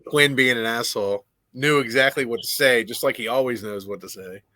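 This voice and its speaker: A man's voice: medium pitch, a little fast, bright, forceful tone, dry recording, clean studio sound. A man who is a pro wrestler and trainer, telling stories as a podcast guest in a blunt, candid way with plenty of swearing. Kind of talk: casual interview storytelling.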